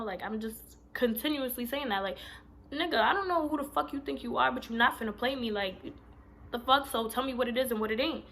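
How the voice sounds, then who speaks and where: A young woman, telling a personal story to her vlog audience in a loud, slangy, animated way. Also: fairly high pitch, brisk. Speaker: vlogger.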